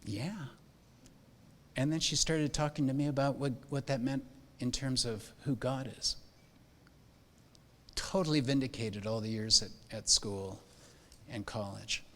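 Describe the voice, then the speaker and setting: A man's voice: medium pitch, measured pace, long pauses. An older man speaks as a pastor welcoming new school parents, rambling and heartfelt, stopping often to restart his sentences. His voice carries a long hall reverb.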